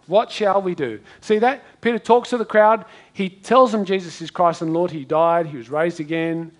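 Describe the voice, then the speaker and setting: A man preaching a sermon to a congregation, dramatic, acting out quoted voices with big swings in loudness. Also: high voice, fairly even intonation, normal speed. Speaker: pastor.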